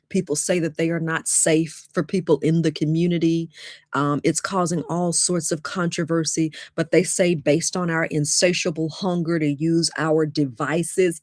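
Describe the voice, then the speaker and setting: Lively woman hosting a webinar. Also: deep voice, no echo, clean studio sound. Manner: lively, chatty, addresses audience as y'all. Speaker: webinar host and dating coach. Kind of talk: live webinar talk to viewers.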